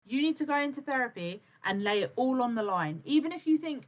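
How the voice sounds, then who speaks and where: Brief woman live streamer, fairly high voice, blunt and profane, lectures hard. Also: lively intonation, fast. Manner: blunt, swears a lot, lectures and mimics others. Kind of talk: heated live-stream chat.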